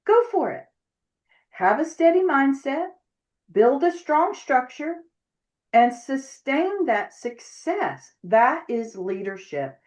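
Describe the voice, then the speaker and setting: A woman's voice: high-pitched, big pitch swings, slow pace. A middle-aged woman giving an emphatic motivational talk to her network marketing team. She coaches and acts out imagined conversations. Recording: dull lo-fi recording.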